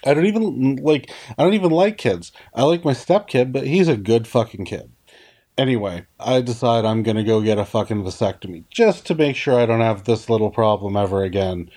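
A man with a dark, mellow voice tells a crude personal story in loose, casual chat. His talk is blunt and full of profanity, and he keeps the story rolling at an easy, steady pitch. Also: brisk.

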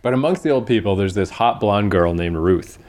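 Man with a lowish voice, podcast co-host, rambling casual recap chat, laughs a lot, swears freely. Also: animated, a little fast, darkish tone.

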